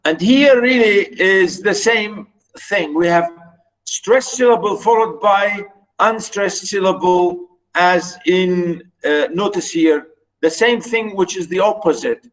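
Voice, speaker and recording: A male university lecturer teaching poetry meter online, halting and repeating himself as he counts out syllable stresses. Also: high-pitched, poor audio.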